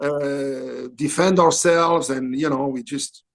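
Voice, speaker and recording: A man in his sixties from Belgium, speaking English with a French accent, animatedly telling a story in halting English and acting out what people said. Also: medium pitch, steady tone, gravelly. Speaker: interview guest, actor. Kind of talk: storytelling interview.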